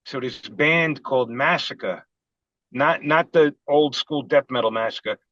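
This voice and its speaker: A man's voice: mid-range voice, a little slow, pushed and bright, no echo. A man from Queens, a podcast guest telling rambling, profane anecdotes in casual chat. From Queens, New York. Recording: dull, dry lo-fi sound.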